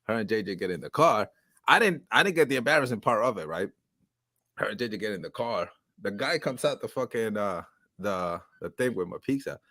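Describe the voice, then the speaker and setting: Speaking a little fast in a voice on the low side, this man co-hosts a laid-back podcast. The studio recording is clean and dry, and he delivers a long, animated tale packed with swearing and impressions of other people's voices.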